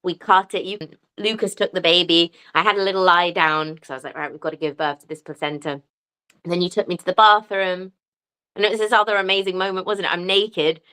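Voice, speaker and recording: A woman shares her story with lively excitement. She laughs often and talks in a plain, mid-height voice. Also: medium pitch, brisk, smooth. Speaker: guest. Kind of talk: casual conversation.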